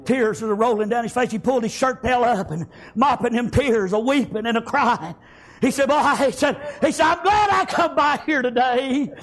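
A man preaching a testimony with fervent, folksy storytelling. His voice sits very high for a man and has a husky edge. He punctuates nearly every thought with "amen" and swells into shouted praise. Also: moderate pace. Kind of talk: testimony sermon.

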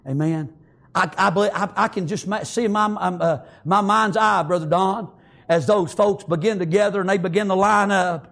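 High-voiced fervent male preacher. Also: moderate pace, gravelly. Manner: fervent, swinging from hushed to shouting, peppered with amens. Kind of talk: sermon.

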